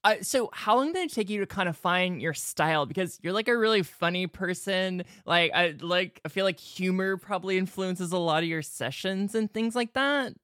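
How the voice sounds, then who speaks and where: A woman's voice: fairly low pitch, a bit bright, no room sound, clean studio sound. A woman hosting a podcast in casual chat, encouraging her guest and asking questions. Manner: encouraging, quick reactions and laughs. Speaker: podcast host.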